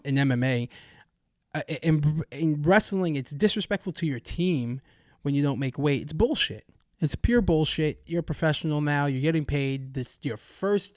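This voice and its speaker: A young adult man hosts a podcast, and his slightly high voice rants angrily and curses freely. He keeps stopping and restarting his sentences as the commentary heats up. The sound is close and dry. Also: no room sound. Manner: angry ranting, profane, many restarts. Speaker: podcast host. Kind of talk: heated sports-betting commentary.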